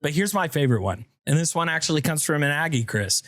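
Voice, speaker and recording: A man with a fairly high voice hosts a relaxed podcast. He chats playfully and reads listener notes aloud, in a dry, close sound with no room echo. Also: fast talker. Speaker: podcast host. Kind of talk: casual podcast chat.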